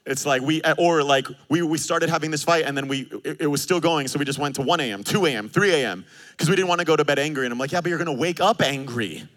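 A pastor in his thirties delivers a sermon in a bright, forceful voice. He is animated and joking, and he acts out both sides of quoted arguments. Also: a little high, fast.

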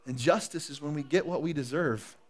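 Brief: male pastor preaching live in church, slightly high voice, hushed passages building to loud emphasis. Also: brisk. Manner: swings from hushed and intimate to loud and emphatic, coaxing the congregation. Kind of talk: sermon. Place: church service before a congregation. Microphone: live sermon recording.

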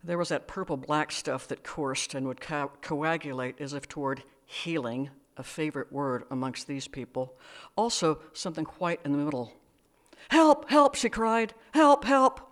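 A woman's voice: low voice, normal speed. A woman author reading her own fiction aloud, with wry, dry asides and hesitant fillers. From United States. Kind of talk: live literary reading with asides.

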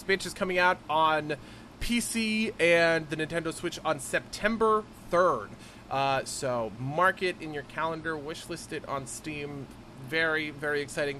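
A man co-hosting a casual podcast chat, animated and quick to laugh. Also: fairly high pitch, slight background noise. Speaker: podcast co-host.

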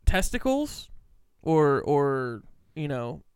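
Joking male radio host, smooth voice. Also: a little high, very animated, no room sound, clean studio sound. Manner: joking, loose, talks in quick bursts. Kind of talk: casual radio banter.

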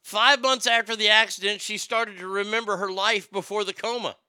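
A man's voice: high-pitched, steady tone, brisk, pushed and bright, clean tone, no echo. A man hosting a casual comedic chat, wisecracking about odd news stories. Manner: wisecracking, drifting into mocking bits.

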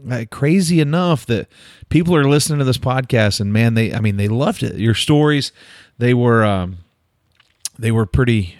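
A man hosting a casual podcast, chatty and quick to laugh, often tripping over his words. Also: medium pitch, lively intonation, darkish tone, no room sound, studio quality. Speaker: podcast host.

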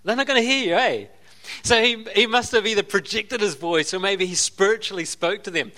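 A man's voice: sits high, a little fast, bright, forceful tone. A man with an Australian accent preaching a sermon as a pastor, telling the story conversationally with asides and laughs.

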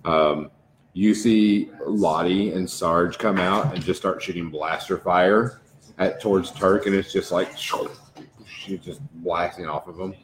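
A man narrating a tabletop game as game master, in a slow, descriptive, dramatic manner. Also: deep voice, steady tone, roomy sound, slight background noise, rough recording.

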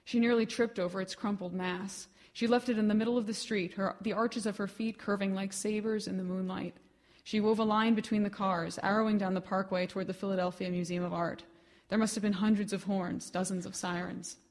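Woman reading her story at a lit event, measured, expressive, middle pitch. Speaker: writer reading her fiction. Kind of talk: live literary reading.

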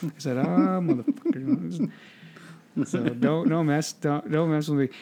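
A man's voice: fairly high pitch, fairly even intonation, moderate pace, warm tone. A man co-hosting a podcast, telling stories in casual chat, swearing freely and laughing as he talks. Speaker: podcast co-host.

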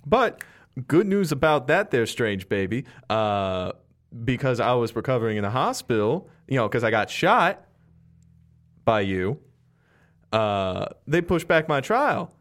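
A man's voice: mid-range voice, very animated, a little slow, a bit bright. A man voicing a cocky, flippant male ghost crook who talks in a wheedling way in a tabletop game. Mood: smug. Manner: cocky, calls others babe.

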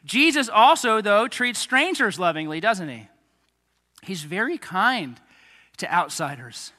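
A man in his thirties, a pastor giving a lively sermon to children and families, with chatty asides to kids and parents. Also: sits high, measured pace. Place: church hall. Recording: echoey hall reverb.

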